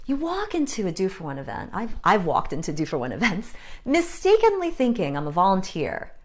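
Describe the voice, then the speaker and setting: A woman's voice: medium pitch, wildly swooping pitch, brisk. A woman giving a conversational sermon, candid and self-deprecating, with frank asides to her listeners. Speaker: preacher.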